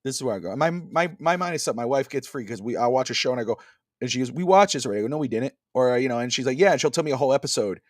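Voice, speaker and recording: A man's voice: mid-range voice, very fast, no echo. Man, podcast co-host, rambling talk, lots of fillers and restarts, video call, dry sound. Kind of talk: casual wrestling talk over a video call.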